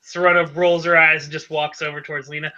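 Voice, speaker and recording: A man with a high, very bright voice narrates as game master, wry and quick to laugh. The sound is dull and lo-fi, like an online call. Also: level tone. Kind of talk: narrating a tabletop game over voice chat.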